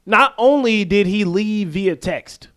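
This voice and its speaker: A man from the American South co-hosting a casual sports podcast, animated and quick to act out quotes and laugh. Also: high voice. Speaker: podcast co-host.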